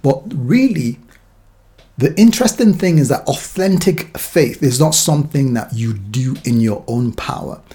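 A man's voice: mid-range voice, expressive, measured pace, dark tone. A man preaching a sermon in a loose, conversational way, acting out little voices in his examples. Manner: conversational, with acted-out asides.

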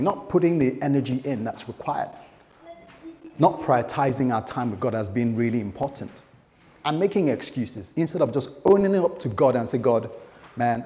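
A man's voice: mid-range voice, warm tone, long reverb tail, slight background noise. A man preaching a sermon as pastor, in a loose conversational way, acting out quoted dialogue.

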